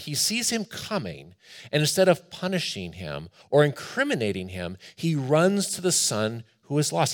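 A man preacher reading scripture and explaining it in a conversational, expressive sermon with asides. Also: fairly high pitch, moderate pace.

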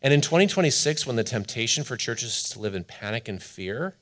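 A man preaching a sermon as pastor, earnest and emphatic, slowing down to stress key lines. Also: medium pitch, animated, a bit bright.

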